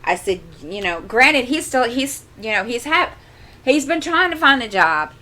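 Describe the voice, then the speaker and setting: A woman's voice: on the high side, big pitch swings, a little slow, bright, forceful tone. A middle-aged woman hosting a crafting channel, chatting casually at home into a desk microphone and telling a long, exasperated story full of asides. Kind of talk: casual chat.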